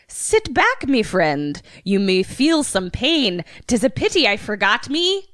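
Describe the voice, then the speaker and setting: A woman's voice: fairly high pitch, huge pitch swings, slow pace, fairly bright tone, no room sound, studio quality, pitched above the performer's own voice, heavily acted. A woman voicing a mischievous, gold-greedy male leprechaun in a mock Irish brogue, speaking in rhyme. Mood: impish. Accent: mock Irish leprechaun put-on. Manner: rhyming limerick delivery, sing-song.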